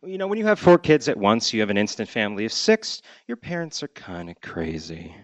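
Guy from connecticut telling a funny kid story live, wry deadpan, lowish voice, dry dull sound. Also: fairly quick, no echo. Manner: wry, deadpan delivery with acted-out quotes.

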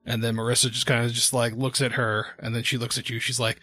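A man's voice: medium pitch, little pitch movement, quick pace, bright, forceful tone, no echo, faint music behind. A man narrating as game master of a tabletop game, loose and hesitant with many fillers.

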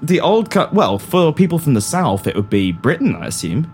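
Jokey comedy co-host, animated voice, faint music. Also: male voice, fairly high pitch, normal speed. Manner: jokey, giggly, self-mocking. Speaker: comedy podcast co-host and narrator. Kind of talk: comic audio drama reading.

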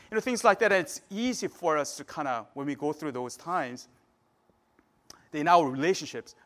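Preacher, male, relaxed talk-style sermon, fairly high-pitched, casual pulpit delivery. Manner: conversational preaching, frequent "right?" tags.

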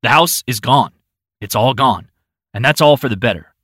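A man's voice: mid-range voice, animated, moderate pace, pushed and bright, dry recording. A man voicing a bitter, stern brother in an audiobook. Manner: stern, clipped, sarcastic.

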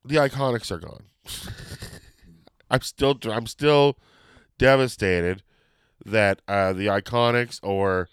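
A man hosting a podcast, chatting casually in a rambling, excitable way that keeps drifting off track. His voice is smooth and resonant, and it sounds dry and close to the mic. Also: lowish voice, takes it slowly, long pauses, no room sound. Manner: rambling, excitable, loses his train of thought. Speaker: podcast host.

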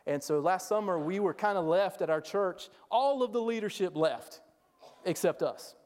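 A man's voice: high voice, normal speed, big-room sound. A man giving a sermon as a guest missionary speaker, telling stories and acting out the voices of the people in them. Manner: animated storyteller acting out quoted voices. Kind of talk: sermon storytelling. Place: church sanctuary.

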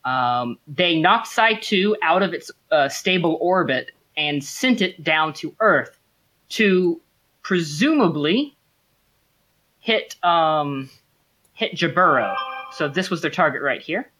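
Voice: medium pitch, animated, takes it slowly, sharp tone. A game master running a tabletop role-playing game, explaining the setting at length with many ums and restarts.

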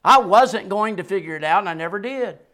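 Animated preaching man in his sixties. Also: sits high, fairly quick. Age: 60s. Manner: animated preaching with sudden rises and drops; chuckles between points. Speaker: pastor. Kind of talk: sermon.

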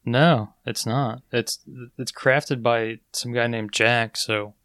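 A man's voice: medium pitch, steady tone, takes it slowly, fairly bright tone, no echo, studio quality. A man co-hosting a casual podcast, rambling and laughing easily. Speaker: podcast co-host.

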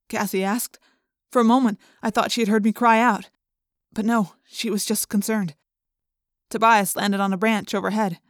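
A woman reading first-person narration for an audiobook in a steady, clear storytelling manner. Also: medium pitch, moderate pace, no echo, studio quality.

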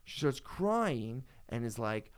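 A man's voice: mid-range voice, very animated. Rambling man venting in casual chat. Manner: rambling, halting, lots of fillers and restarts.

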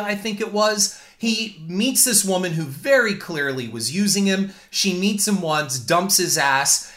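A man's voice: sits high, fairly bright tone. A man hosting a talk show, delivering a blunt, indignant and profane opinion rant. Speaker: podcast host.

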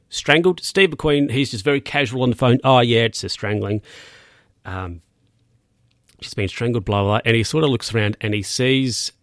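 A man's voice: mid-range voice, a bit bright, no echo, studio quality. A man casually recapping a film scene by scene, rambling and correcting himself with plenty of fillers.

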